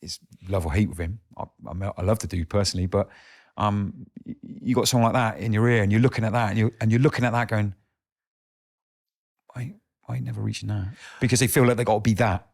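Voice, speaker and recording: A man as a guest on a casual podcast chat, laid-back and sweary, dropping into hushed asides when quoting. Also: lowish voice, fairly even intonation, quick pace.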